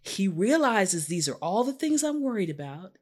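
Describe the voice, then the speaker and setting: Speaking at normal speed in a medium-pitched, slightly rough, sing-song voice, this podcast co-host shares a personal story. She keeps it casual and informal, voicing her own thoughts as she goes.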